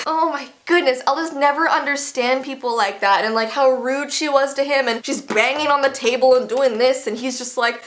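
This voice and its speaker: A woman's voice: sits high, fairly even intonation, moderate pace, hardly any pauses, fairly bright tone. Hyper, chatty young woman vlogger. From Canada. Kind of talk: storytime vlog.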